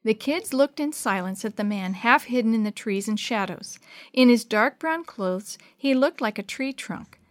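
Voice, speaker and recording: A woman reading a children's adventure story aloud, lively, changing her voice for each child and dropping to a hush for the whispered parts. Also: on the high side, normal speed, dry recording, clean studio sound. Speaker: storybook narrator.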